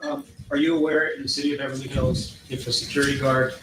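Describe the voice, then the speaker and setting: A man cross-examining a witness in court, pressing with quick questions and demanding yes-or-no answers. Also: mid-range voice, fairly even intonation. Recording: echoey, distant, noisy courtroom audio.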